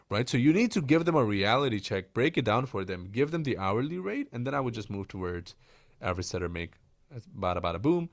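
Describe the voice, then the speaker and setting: Lively, animated male sales coach. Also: a little high, brisk, no echo, studio quality. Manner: animated, slangy, says "bro" and "right?" a lot. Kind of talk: casual coaching breakdown.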